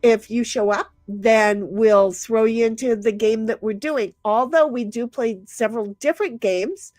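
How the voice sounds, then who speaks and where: A woman's voice: fairly high pitch, measured pace, a little mellow, dry recording. A woman hosting a casual game stream, chatting and reading viewers' messages aloud, laughing often. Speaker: stream host.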